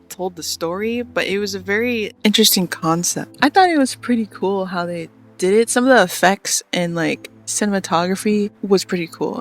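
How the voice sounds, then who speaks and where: A young woman rambles through her monthly film recap, tossing in filler words and casual slang. Her pitch sits in an ordinary middle range. Faint music plays quietly behind her. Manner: chatty, rambling, lots of "like" and slang. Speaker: vlogger reviewing films. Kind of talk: casual chat.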